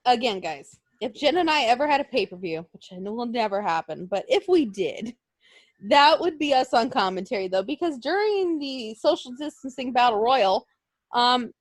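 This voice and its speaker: Woman podcast host, higher voice, lively casual storyteller, dry close sound. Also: no room sound. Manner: animated storytelling, acts out voices, frequent fillers. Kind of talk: casual chat recapping wrestling.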